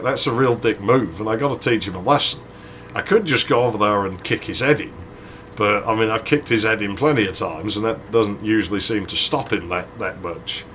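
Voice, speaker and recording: A man's voice: on the low side, fairly bright tone, a little hiss or hum. A man hosting a gaming channel, telling a crude, rambling story with frequent laughs. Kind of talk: casual storytelling over gameplay.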